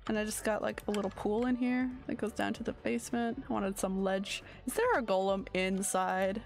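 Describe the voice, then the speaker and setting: Woman streamer, casual game commentary, sleepy and rambling, creaky voice, faint music behind. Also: medium pitch, moderate pace. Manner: sleepy, rambling, searching for words.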